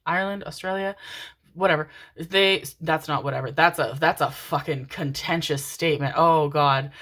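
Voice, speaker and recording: A woman's voice: sits low, steady tone, normal speed, fairly bright tone. A woman giving a casual pick-a-card tarot reading, chatty and rambling, often breaking into laughter.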